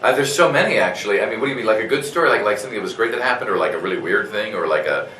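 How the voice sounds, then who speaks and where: A male voice actor, a guest at a convention interview, telling a story in a lively way, full of fillers, restarts and laughter. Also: lowish voice, rapid-fire, echoey room, recorded from a distance, rough recording. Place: convention room.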